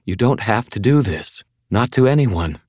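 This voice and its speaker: A man's voice: fairly low pitch, animated, slow, a bit bright, no room sound, studio quality, voice pushed up, exaggerated voice. A man voicing a frightened, pleading woman. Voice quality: rough, thready whisper. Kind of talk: audiobook character voice.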